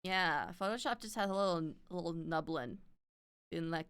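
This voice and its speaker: A woman's voice: mid-range voice, animated, moderate pace, pushed and bright, smooth, no room sound. A woman streamer chatting casually while she draws, swearing often and laughing a lot.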